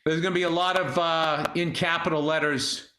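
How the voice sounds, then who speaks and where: Profane, animated man in a roomy studio. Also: a little high, normal speed, slight background noise. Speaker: podcast co-host. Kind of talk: casual chat.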